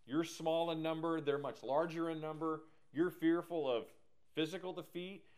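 A man's voice: on the high side, moderate pace. A man teaching a casual Bible class with lots of energy, jokes and tangents. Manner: energetic, joking, digressive.

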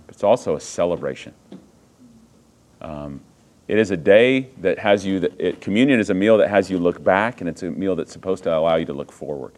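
A man preaching a sermon, swinging from hushed, slow passages to loud, emphatic ones and asking the congregation rhetorical questions. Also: low voice. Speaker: pastor.

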